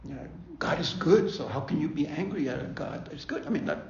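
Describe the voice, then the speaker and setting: Fast and expressive, this man's voice runs on the high side, creaky yet a little mellow. He's a grief ministry leader giving a faith-based bereavement talk, keeping it conversational, repeating himself often, and asking "okay?" along the way. The audio is dull and lo-fi, captured in an echoey room.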